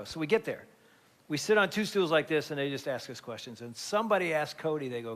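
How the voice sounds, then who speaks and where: A man in his fifties, a grandfather and pastor, tells stories from the stage in a slightly higher-than-usual voice. He talks like he's chatting, and now and then his voice jumps up loud and high. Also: brisk. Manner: animated storyteller with sudden loud jumps. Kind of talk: conversational sermon.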